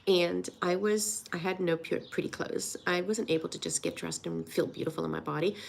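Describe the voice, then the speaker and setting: Gravelly earnest woman in her sixties. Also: on the low side, steady tone, a little fast, slight background noise. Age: 60s. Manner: emotional, earnest and encouraging. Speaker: weight loss coach. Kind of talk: personal vlog testimony.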